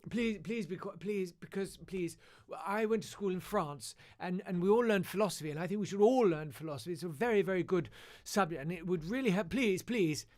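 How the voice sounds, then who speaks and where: A man's voice: high-pitched, fairly quick, few pauses, no echo, pitched above the performer's own voice, lightly acted. A man putting on a pleading, stammering teacher voice. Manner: begging, stammering, then bursts out shouting. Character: pleading timid male supply teacher.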